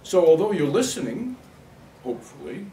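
Guy running an acting class, bouncy high-ish voice, blunt and jokey, echoey room, mic kinda far. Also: normal speed, slight background noise. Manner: blunt, animated, demonstrative, laughing often. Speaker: acting teacher. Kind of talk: workshop lecture to a class. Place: workshop room with a live class.

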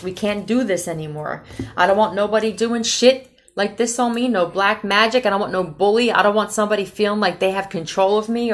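A woman's voice: lowish voice, a little hiss or hum. A woman from Philadelphia giving a casual tarot reading, talking bluntly and with a lot of profanity, rambling from one thought to the next. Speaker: tarot reader.

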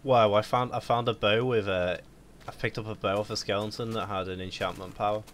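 A man's voice: fairly low pitch, fairly even intonation, fairly quick, a bit bright, slight background noise. A young man chatting casually and jokily while playing a game with friends, boasting about his finds. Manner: boastful, jokey. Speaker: gamer. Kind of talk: casual gaming chat.

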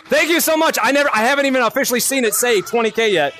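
A man live-streaming a VR game, shouting greetings and cheering his players on with lots of laughter, into a headset mic. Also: extremely high pitch, very fast, a little hiss or hum. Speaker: gaming streamer. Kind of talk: excited live-stream chat while playing.

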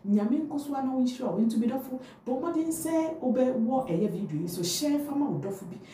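A woman's voice: high-pitched, distant mic, a little hiss or hum. Ghanaian woman teaching French phrases. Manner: lively, drawn-out repetition of phrases. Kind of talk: language lesson, repeat-after-me drills. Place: France. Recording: echoey room, off mic, faint ambience.

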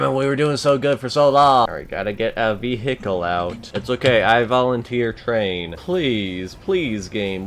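An excitable young man talks over his gameplay, his pitch leaping around as he grumbles and yells at the game. He moves from mutters to shouts, with a faint hiss under the recording. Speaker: gameplay streamer. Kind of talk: let's play commentary.

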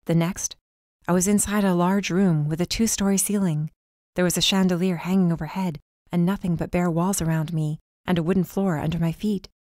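A woman reading a first-person dark fantasy story as audiobook narrator, with tense, urgent delivery. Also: lowish voice, fairly even intonation, fairly quick, dry recording, studio quality.

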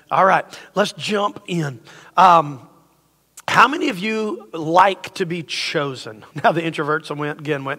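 A man's voice: sits high, expressive, a little slow, bright, forceful tone. A middle-aged male pastor with a drawl, preaching a casual, joking sermon and leading his congregation in call-and-response. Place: church sanctuary. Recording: long hall reverb.

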